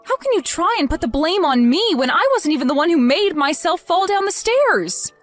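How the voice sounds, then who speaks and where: Woman acting as a crushed young wife, stammery and pleading, high voice. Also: sing-song, moderate pace, faint music behind. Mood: indignant. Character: heartbroken young wife, grieving and indignant. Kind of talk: acted text-message story.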